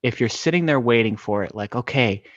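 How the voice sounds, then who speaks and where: A man's voice: medium pitch, lively intonation, quick pace, no echo, lo-fi sound. A man hosting a podcast, who stammers into his replies with eager admiration. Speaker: podcast host. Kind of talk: casual interview chat.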